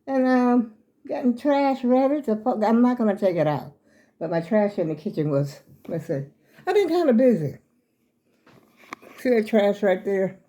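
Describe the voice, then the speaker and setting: A woman's voice: medium pitch, dark tone. An older woman vlogging casually from her home, chatty and folksy, a little out of breath as she calls her viewers y'all.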